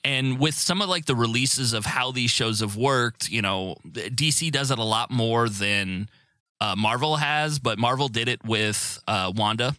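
A man's voice: medium pitch, a little slow, sharp tone, no echo, clean studio sound. A man hosting a podcast in casual chat, rambling with lots of "like" and some swearing. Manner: rambling, confused, swearing, with filler "like". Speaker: podcast host.

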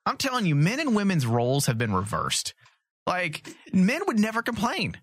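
Co-host, male, high and animated, mock-serious provocateur, close dry mic. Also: moderate pace, no echo. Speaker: podcast co-host. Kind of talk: casual banter.

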